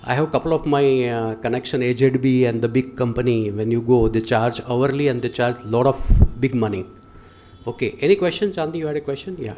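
A man's voice: medium pitch, fairly quick, warm tone, a little hiss or hum. A man with an Indian accent, a guest speaker giving a motivational lecture with audience questions, telling stories and putting questions straight to the audience. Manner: storytelling, questions the audience directly. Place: lecture hall.

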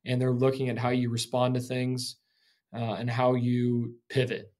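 A man's voice: medium pitch, completely flat delivery, moderate pace, a little mellow. A man from the Kansas City area co-hosting a casual podcast, talking reflectively in long metaphors. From Kansas City area, United States. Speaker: podcast co-host. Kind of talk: casual chat.

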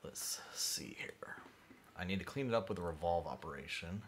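Male streamer, very low voice, muttering narration at the desk, faint room noise behind. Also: animated, moderate pace. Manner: mumbly, drifts quiet when concentrating. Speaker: livestreaming maker doing CAD design. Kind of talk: thinking-aloud livestream narration.

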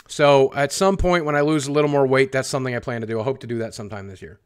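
A man's voice: medium pitch, fast talker, clear, resonant tone. A man hosting a casual livestream, rambling bluntly and with profanity as he answers chat questions aloud. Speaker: livestream host.

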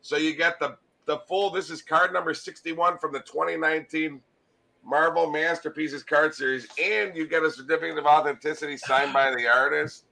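A man working as a comic art dealer, giving an enthusiastic sales pitch. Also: fairly even intonation, normal speed, gravelly, sharp tone, low-quality recording.

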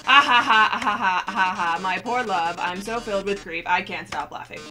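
A woman's voice: medium pitch, a little fast, bright, forceful tone, soft background music, natural voice. A woman voicing a flamboyant, mocking male robot TV star who calls everyone darling, reading game dialogue aloud. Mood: gloating.

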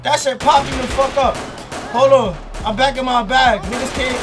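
A man commentating a shooting game, trash-talking loudly with profane outbursts, his voice hoarse from yelling. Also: extremely high pitch, normal speed. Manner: loud, profane trash talk with yelled outbursts. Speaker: gaming YouTuber. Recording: game music and gunfire underneath. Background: game gunfire and music.

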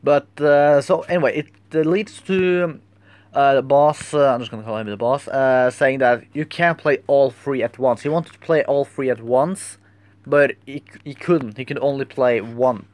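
Young man, rambling and halting. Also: medium pitch, darkish tone, dry recording. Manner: rambling and halting, searching for words. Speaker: vlogger. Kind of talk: casual storytelling vlog.

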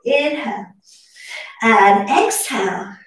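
A young woman instructor guides a brisk pilates class, cueing each inhale and exhale in a high, unhurried voice. She sounds slightly winded as she counts down reps. Her voice rings in a very echoey room, picked up from some distance. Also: slight background noise. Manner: breath-cued, encouraging counting. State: slightly out of breath.

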